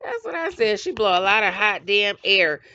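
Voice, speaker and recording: A woman's voice: medium pitch, sing-song, normal speed, bright, forceful tone, no echo. A middle-aged woman hosting casual gossip commentary, blunt and trash-talking, laughing often. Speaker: commentary channel host. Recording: dull lo-fi dry sound.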